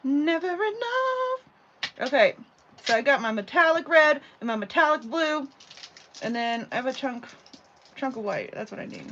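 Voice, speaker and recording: A woman's voice: fairly high pitch, lively intonation, normal speed, fairly bright tone. A woman hosting a casual live craft tutorial from home, chatting and rambling with lots of "you know" and "like". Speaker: craft channel host. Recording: slightly dull audio with faint background hum.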